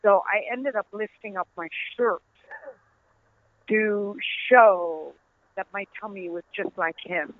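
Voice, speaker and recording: A woman's voice: mid-range voice, takes it slowly, dry recording. Middle-aged Dutch-accented woman, author guest, earnest storyteller; dry, thin phone-line sound. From Netherlands. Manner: earnest, storytelling, laughs easily. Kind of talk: conversational interview. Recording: tinny phone-line audio.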